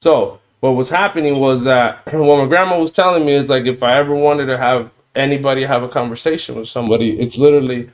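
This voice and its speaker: A man's voice: mid-range voice, quick pace, few pauses. A man hosting a podcast, talking in a loose, rambling way and often checking in with "you know what I mean". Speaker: podcast host. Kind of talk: casual podcast chat.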